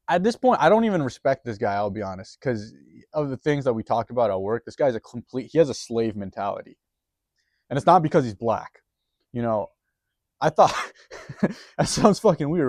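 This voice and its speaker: A man's voice: mid-range voice, a little mellow, no echo. A man telling a story in a rambling, profane, casual way, full of restarts and chuckles.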